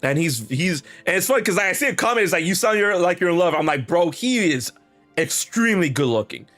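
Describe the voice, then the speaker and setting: Animated rambling man telling a story. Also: high-pitched, a little fast, soft background music. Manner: animated, rambling with many restarts and quoted dialogue. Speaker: podcast host. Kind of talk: casual storytelling chat.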